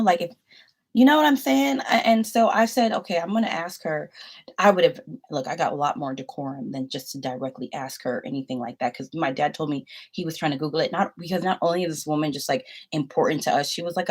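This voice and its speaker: A young woman vlogging straight to her viewers and telling a personal story. Her voice sits a little lower than most women's. She talks in an animated, rambling way, packed with fillers and asides. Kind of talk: casual storytelling to camera.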